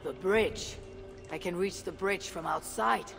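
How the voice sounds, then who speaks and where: An actress voicing a tough Viking woman warrior in video game dialogue, steady and blunt. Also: fairly low pitch, measured pace, gravelly. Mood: firm. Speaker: game protagonist. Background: game music.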